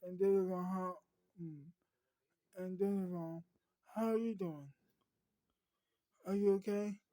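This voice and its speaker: Jackie is a young woman overcome with happy tears, as a woman puts her on while storytelling, her words halting and doubling back. The voice sits mellow and unhurried, slow and soft-edged. The sound is dry and close. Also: on the low side, fairly even intonation, dry recording. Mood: teary. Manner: halting, repeats herself.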